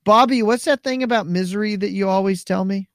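A man's voice: high-pitched, a little fast, dry recording, studio quality. A man co-hosting a podcast, chatting animatedly and acting out quotes. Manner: animated, quotes others in funny voices. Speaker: podcast co-host. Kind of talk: casual chat.

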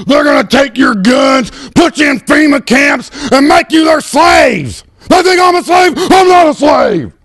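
A ranting loudmouth radio host, shouting in a very high, gravelly, raspy voice that swoops wildly up and down. He is crude and boastful and plays it completely over the top. Faint music sits behind him. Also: animated, unhurried, few pauses, heavily acted. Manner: bellowing, hammy, over-the-top. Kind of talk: comedic sketch acting.

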